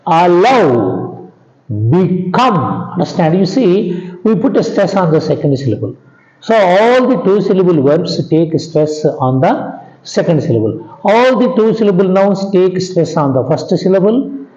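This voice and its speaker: A man with an Indian English accent teaching an English grammar lesson, slow and repetitive, often asking "understand?" and letting his pitch drop at the ends of sentences. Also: warm tone. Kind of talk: classroom lecture. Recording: echoey room, dull lo-fi sound.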